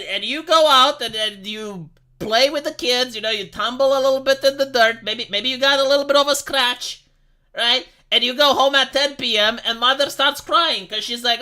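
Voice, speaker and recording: A Romanian-accented man riffs casually on his livestream. He sounds bright and forward, rambling through restart after restart. Swearing and mocking asides run through it all. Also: very high voice. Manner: profane, rambling, many restarts and fillers. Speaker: livestream host.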